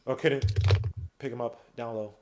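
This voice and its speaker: A man hosting a podcast, giving excited, slangy fan play-by-play of a game and teasing his co-hosts. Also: medium pitch, normal speed. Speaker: podcast host.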